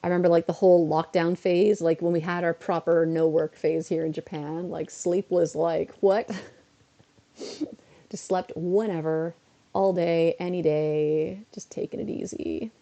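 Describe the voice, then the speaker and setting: Gravelly, mellow-voiced woman streamer chatting. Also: fairly low pitch. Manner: chatty, ranting, exasperated asides. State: a bit unwell. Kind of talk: casual live-stream chat while gaming. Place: at home.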